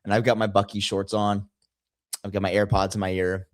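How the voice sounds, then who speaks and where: A man's voice: lowish voice, flat delivery, brisk, no room sound, studio quality. A man hosting a podcast, telling crude stories in casual chat and laughing at his own jokes. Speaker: podcast host.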